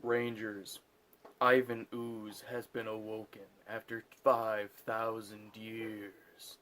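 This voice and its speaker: A grave, wise alien mentor speaks slowly and with exaggerated solemnity, as a drunk man puts him on. The voice drops a little lower than an ordinary speaking voice and is delivered mock-seriously. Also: flat delivery, fairly bright tone.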